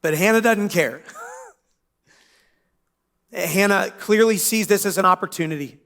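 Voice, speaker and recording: A pastor preaching in a church, casual and joking, with quick asides. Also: male voice, high-pitched, fairly bright tone. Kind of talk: sermon.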